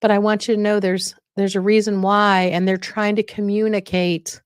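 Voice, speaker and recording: A woman's voice: medium pitch, flat delivery, moderate pace, smooth, dry recording, clean studio sound. A woman hosting a casual advice podcast on dementia care, encouraging and often checking in with listeners.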